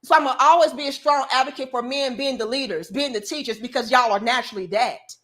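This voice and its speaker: Emphatic bright-voiced woman preaching. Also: high-pitched, quick pace. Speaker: commentary show host. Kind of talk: casual opinion monologue.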